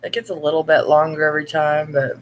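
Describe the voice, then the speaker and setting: A woman's voice: deep voice, completely flat delivery, a little hiss or hum, poor audio. A woman chatting casually to viewers at home at night, rambling and laughing as she talks. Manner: rambling, laughing, slow and drawn-out. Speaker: vlogger.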